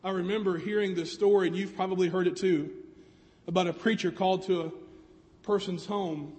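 Preaching earnestly in a very high voice, this man frequently stops on rhetorical questions. His tone is steady and a little mellow, and the long reverb sounds like a large hall.

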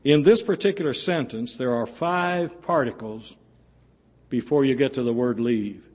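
A man preaching a sermon in a church, rising loud and high in his appeals and dropping soft at the ends of phrases. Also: measured pace, husky.

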